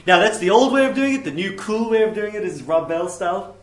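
A man preaching a sermon in an animated, jokey, conversational way, heard in a roomy hall from a distant mic. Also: high-pitched, fairly quick.

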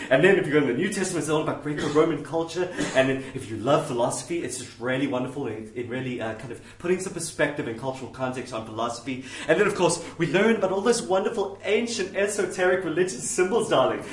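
A man's voice: a little high, slight background noise, natural voice. Man putting on a gushing, fawning minister. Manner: sing-song, fawning, with an odd lilt. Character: gushing, condescending liberal male minister. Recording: roomy, distant mic, faint ambience.

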